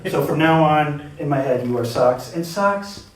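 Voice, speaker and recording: A man's voice: on the high side, lively intonation, measured pace. A man telling a comic story at a live reading, ranting in exasperation at an absent person and laughing mid-sentence. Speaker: open-mic storyteller. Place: live reading event, roomy venue. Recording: very echoey room, voice from far off.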